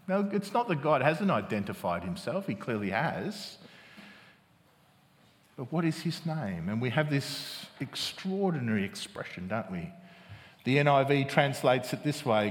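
A man's voice: a little high, very animated, unhurried. A man preaching a sermon, reading scripture aloud and often asking his listeners "don't we?" as he goes. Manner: asks the congregation "isn't it?" often, with restarts. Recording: long reverb of a large hall.

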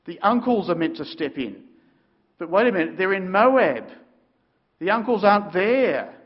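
A man preaching a sermon, telling the story dramatically with sudden shifts between loud and quiet. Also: sits high, big pitch swings, normal speed, muffled recording.

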